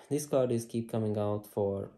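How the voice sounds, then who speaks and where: A man doing a casual tarot reading to camera, blunt and excitable, swearing freely as he thinks aloud. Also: on the low side, takes it slowly. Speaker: tarot reader. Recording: roomy echo.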